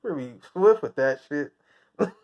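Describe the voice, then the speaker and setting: A man's voice: fairly high pitch, animated, normal speed, a little mellow. A man from the United States ranting casually, rambling and crude, often breaking into laughter at his own jokes. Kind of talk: casual profane rant. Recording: dull lo-fi recording.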